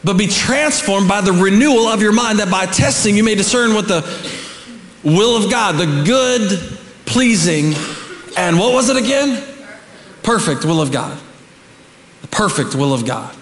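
A middle-aged man preaching a sermon as pastor, animated, building to shouts, with joking asides. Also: high-pitched, measured pace, pauses often, a little hiss or hum. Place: church sanctuary. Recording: echoey church hall with long reverb.

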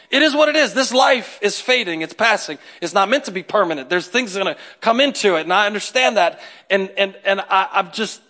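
Brief: male pastor, bright and high-voiced, who jokes with the congregation during the sermon. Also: lively intonation, fairly quick, few pauses. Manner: joking, talks straight to the congregation. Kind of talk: humorous conversational sermon.

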